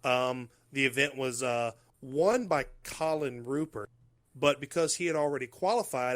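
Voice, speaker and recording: A man with an American accent hosting a casual podcast, joking loosely and talking in quick bursts. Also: on the high side, a bit bright. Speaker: podcast host.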